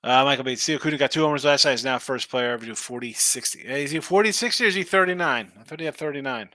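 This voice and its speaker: A man's voice: mid-range voice, very fast, sharp tone, dry recording. A man hosting a sports betting live stream, rambling and thinking aloud in casual chat. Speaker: sports betting show host.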